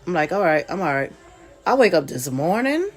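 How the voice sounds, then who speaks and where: A woman's voice: on the low side, big pitch swings, moderate pace. A woman vlogger with a congested voice, telling a casual story straight to her viewers with chatty, folksy asides.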